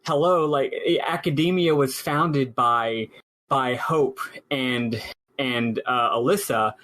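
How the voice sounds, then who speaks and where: A man co-hosting a podcast, chatting casually about a video game in a rambling, animated way with lots of fillers. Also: medium pitch, takes it slowly. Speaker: podcast co-host.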